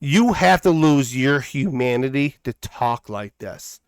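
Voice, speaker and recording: A man's voice: medium pitch, lively intonation, slow, clean tone, dry recording. A man hosting a political commentary podcast, talking in a heated, preachy way and repeating phrases for emphasis. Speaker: podcast host.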